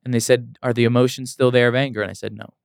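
Young male motivational speaker, earnest and emphatic, smooth resonant voice, dry close mic. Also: mid-range voice, level tone, fast talker, no echo. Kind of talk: casual interview storytelling.

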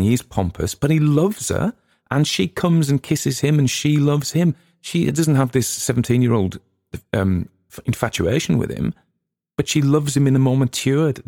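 A man's voice: medium pitch, vocal fry, dark tone, no echo, studio quality. An English man hosting a podcast, chatting casually in a rambling, digressive way with frequent restarts. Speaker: podcast host and reader.

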